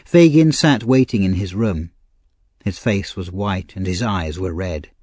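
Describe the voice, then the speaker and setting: A man narrating an audiobook novel, slow, clear and expressive. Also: sits low, no room sound.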